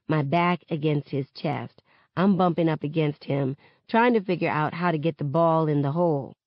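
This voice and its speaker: A woman reading a novel aloud in first person, with expressive narration. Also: on the low side, no echo. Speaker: reader. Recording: dull, close, dry audio.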